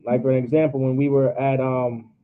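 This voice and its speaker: A man's voice: medium pitch, little pitch movement, brisk, clean tone. A man teaching an online alphabet class in a casual way, repeating and drilling each letter sound aloud. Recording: tinny phone-like line.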